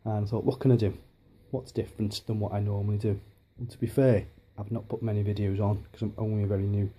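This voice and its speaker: A man's voice: on the low side, flat delivery, fast, dark tone, husky. A man talking to camera in a casual vlog, hesitant with many ums and restarts. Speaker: YouTuber.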